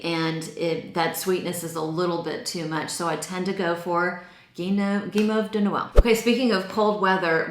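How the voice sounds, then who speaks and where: A middle-aged woman talks casually through a perfume review, at a mid pitch for a woman. She describes each scent in eager, chatty detail. The voice carries a noticeable roomy echo. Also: a bit bright.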